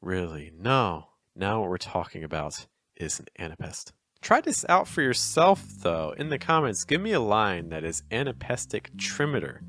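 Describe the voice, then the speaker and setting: A man explaining poetic meter in a chatty, encouraging video lesson, acting out the stresses with exaggerated rises and falls in pitch. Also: big pitch swings, normal speed, fairly bright tone. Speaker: poetry teacher.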